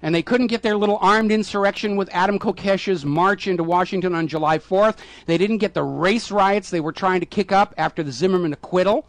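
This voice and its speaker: A middle-aged man hosting a talk radio show, delivering a sarcastic, mocking monologue. His voice sits high for a man, and the sound is close and dry, with no room around it. He stumbles over words now and then and reaches for fillers. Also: fairly quick, few pauses, no echo.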